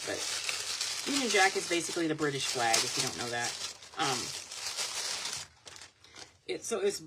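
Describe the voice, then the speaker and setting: Low-voiced chatty woman, noisy recording. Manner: chatty, rambling, thinks aloud. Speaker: online vintage seller showing products. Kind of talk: casual live-stream product showcase. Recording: loud background noise, crinkling packaging.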